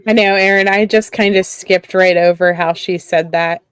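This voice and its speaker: A woman's voice: lowish voice, fairly even intonation, normal speed, smooth, dry recording. A woman co-hosting a livestream, chatting casually and teasing in a rambling way. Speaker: livestream co-host. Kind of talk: casual chat.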